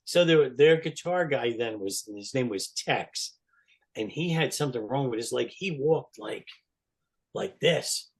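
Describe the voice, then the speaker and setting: Husky and expressive, a sixty-something podcast guest and longtime fan spins unhurried, rambling stories in a mid-range voice. He laughs while talking and leans heavily on "you know."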